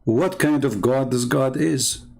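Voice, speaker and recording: A man with an Arabic accent hosts a live stream and reads out viewer comments. He talks in a mocking, combative way, repeats himself and jumps into high, scornful outbursts. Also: slow pace, creaky, darkish tone, poor audio. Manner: mocking, taunting, with sudden high-pitched outbursts. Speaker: livestream host reading viewer comments.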